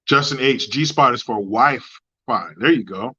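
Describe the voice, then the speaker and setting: A man hosting a livestream, ranting in crude commentary and reading chat, with mocking jabs that swing from loud outbursts to low mutters. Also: a little slow, slightly rough, lo-fi sound. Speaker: livestream host.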